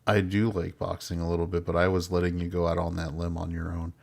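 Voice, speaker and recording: Very low male co-host, loose laughing chat delivery. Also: monotone, quick pace, vocal fry, darkish tone. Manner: laughs often, loose and chatty. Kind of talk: casual podcast chat.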